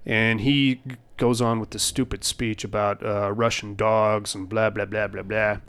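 Smooth-voiced guy casually recapping a movie. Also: on the low side, little pitch movement, a little slow, fairly bright tone. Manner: rambling, laid-back, swears casually.

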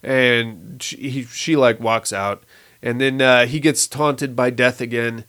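A man's voice: medium pitch, fairly even intonation, slow, a bit bright, clean tone. A young man giving a casual, sarcastic recap of a horror TV episode, laughing at the plot and acting out lines.

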